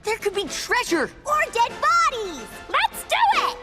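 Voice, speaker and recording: A woman voicing a feisty, morbid little tadpole girl in a cartoon, with a squeaky, excitable voice, played from a clip with music. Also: a little slow, heavily acted. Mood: excited.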